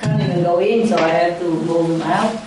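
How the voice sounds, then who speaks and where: Lower-voiced woman chatting in an echoey room. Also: brisk, a loud crowd. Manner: animated, broken English, gestures while telling. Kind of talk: casual chat. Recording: echoey room, distant mic, faint noise.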